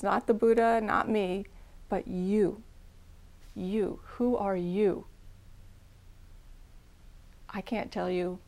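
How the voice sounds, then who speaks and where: A woman's voice: mid-range voice, warm tone. A middle-aged woman teaching meditation, giving a frank, plain-spoken dharma talk and guided practice with a self-deprecating edge.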